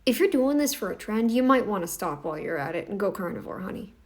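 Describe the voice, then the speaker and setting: A woman's voice: mid-range voice, very animated, quick pace, darkish tone. Blunt scolding woman commentator. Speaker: reaction commentator. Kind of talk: casual commentary.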